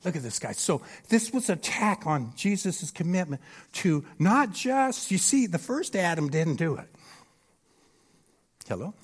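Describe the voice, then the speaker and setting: Animated male preacher, rhetorical asides. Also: high-pitched, measured pace. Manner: animated and emphatic, with frequent rhetorical "Hello?" checks. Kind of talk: sermon. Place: church stage before a live audience.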